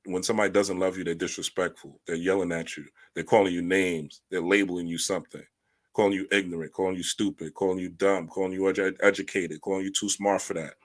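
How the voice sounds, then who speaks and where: Blunt, preachy man with a low voice. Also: flat delivery, quick pace. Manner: blunt, preachy, slangy asides, rising emphasis. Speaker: spiritual teacher. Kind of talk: livestream talk reading and commenting.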